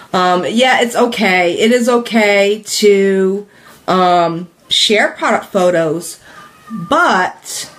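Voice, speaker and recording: Slow, chatty woman coaching viewers. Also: fairly low pitch. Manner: conversational, with many fillers and questions to viewers; repeats her points for emphasis. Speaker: direct sales business coach. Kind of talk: live-streamed teaching talk to viewers.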